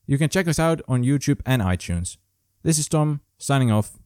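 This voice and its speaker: A man's voice: mid-range voice, animated, normal speed, darkish tone, clear, resonant tone. A man hosting a solo podcast, ranting sarcastically and profanely in a grumpy way. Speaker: podcast host.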